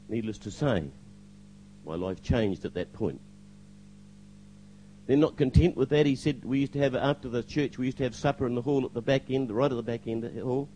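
A man's voice: mid-range voice, fairly quick, warm tone, a little hiss or hum, poor audio. An older man giving a spoken testimony to a church congregation, hesitant with fillers, now and then acting out the lines he quotes.

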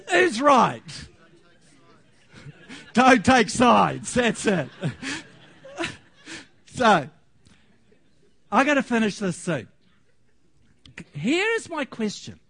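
Male pastor, animated storytelling, laughs often, very varied pitch. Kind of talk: humorous sermon.

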